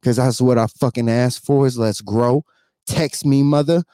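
Steady in tone and dark-voiced at a medium pitch, this 30s vlogger speaks at normal speed through an unscripted emotional rant to camera. He's profane and repetitive, sighing and tearful, again and again asking whether you know what he means. The recording is dry and clean, studio-grade.

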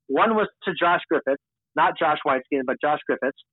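A man's voice: on the high side, a little fast, breathy edge, dry recording. A man from Long Island, a podcast guest telling a story in a candid, rambling way. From Long Island, New York. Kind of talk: casual storytelling. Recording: tinny, dry phone-like sound.

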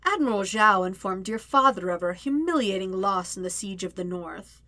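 A woman's voice: medium pitch, lively intonation, normal speed, bright, forceful tone, no echo. A woman voicing a cruel, gloating teenage princess who taunts in a sing-song croon, in an audiobook-style fiction reading.

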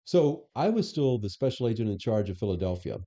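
A low, very dark-toned man recounts stories as a podcast guest, restarting sentences as he goes. He speaks in a relaxed conversational style. The recording is dull and lo-fi. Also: fairly quick. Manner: animated storyteller who acts out quoted dialogue, frequent restarts. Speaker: former police chief, podcast guest. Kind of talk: casual interview storytelling.

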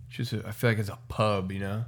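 A man's voice: lowish voice, level tone, quick pace, husky. A young man in casual podcast chat, goofy and rambling with lots of slang.

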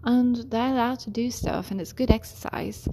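A woman who works as a care worker tells a story in a chatty way. She laughs often and slips into soft, whispery asides. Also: on the high side, steady tone, normal speed. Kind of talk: casual storytelling.

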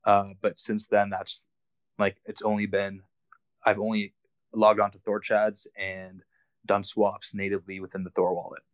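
A man calling in to a live audio chat speaks in a low, flat voice. He is halting and frustrated, and he often repeats words. His sound is dry and close. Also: no room sound. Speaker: caller from the community. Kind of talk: casual question on a live audio call.

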